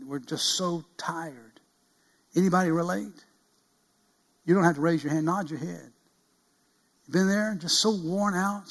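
Man, middle-aged pastor, sermon, earnest, loud then hushed, fairly high pitch. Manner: earnest preaching that swings from loud cries to hushed pleading.

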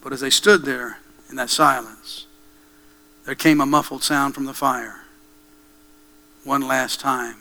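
Bright, clear-voiced man preaching a sermon. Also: medium pitch, fairly even intonation, poor audio. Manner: dramatic, with hushed pauses and slow emphatic repetition. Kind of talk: sermon with dramatic storytelling.

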